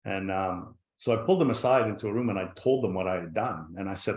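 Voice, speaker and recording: A man's voice: sits low, fast, few pauses, a little mellow. A man speaking as a guest on a virtual panel, telling a personal story in an earnest, reflective way over a video call. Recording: roomy echo.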